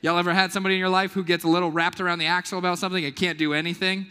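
A man's voice: sits high, little pitch movement, rapid-fire, sharp tone, clean tone. A male pastor, preaching a casual youth sermon and calling the crowd to respond. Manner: casual and playful. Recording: long hall reverb.

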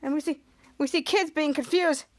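A woman podcast host walks through a TV episode scene by scene, rambling and restarting as she goes. Her voice is high, and the recording is dry and close with no room echo. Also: steady tone, normal speed. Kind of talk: episode recap narration.

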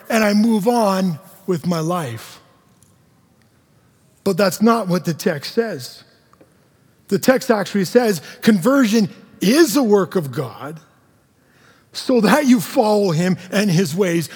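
A male pastor giving a sermon, earnest and sing-song, dropping to quiet emphasis. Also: high-pitched, animated, takes it slowly, long pauses, husky. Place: church sanctuary. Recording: long hall reverb.

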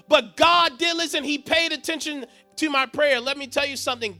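A man preaching a sermon with passion, swinging between shouts and hushed, low lines. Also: steady tone, normal speed, hardly any pauses, faint music behind.

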